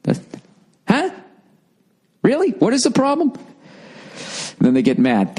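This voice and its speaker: A man's voice: very high voice, wildly swooping pitch, slow, pauses often, darkish tone, slightly rough. A podcast host rambling through a comedic monologue, a man swearing constantly and acting out both sides of his arguments in exasperated retellings.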